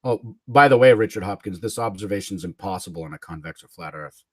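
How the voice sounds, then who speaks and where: Combative man ranting on a livestream, very animated. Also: low voice, fairly quick, no room sound. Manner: combative and mocking, swearing, chuckling between jabs. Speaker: livestream host.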